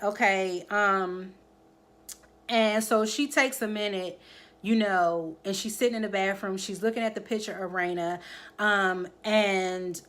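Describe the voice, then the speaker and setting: A woman gives a loose, animated recap of a drama episode, jumping into the characters' voices as she retells scenes. Her voice sits at a middle pitch, and she keeps pulling her viewers in with quick asides and check-ins. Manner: animated storytelling, acts out the characters' lines; addresses viewers directly, keeps checking in with "okay?". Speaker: TV episode reviewer.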